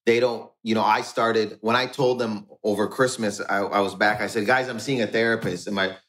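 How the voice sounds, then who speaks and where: A man guesting on a podcast, telling rambling, halting stories in casual chat. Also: on the low side, little pitch movement, a bit bright. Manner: rambling, halting storyteller with many restarts.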